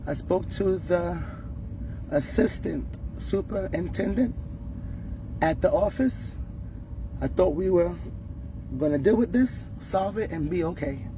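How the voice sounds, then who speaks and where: A woman's voice: lowish voice, slow pace, pauses often, background noise. A woman speaking as a mother in an emotional, urgent direct-to-camera appeal, distressed and rising in anger.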